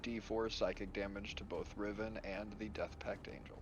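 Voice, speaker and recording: A man playing a tabletop game, talking loosely with hesitant pauses, laughs and the odd curse. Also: on the low side, fairly even intonation. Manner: loose and laid-back, hesitant "uh"s, laughing and swearing. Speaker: player. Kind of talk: casual chat at a game table. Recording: dull, lo-fi stream audio.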